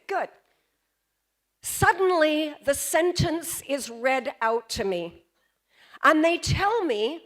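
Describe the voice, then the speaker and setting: A woman giving a storytelling keynote at a convention, pausing for effect and putting questions to the audience. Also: high voice, fairly bright tone. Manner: dramatic pauses, questions to the audience. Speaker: keynote speaker. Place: convention stage.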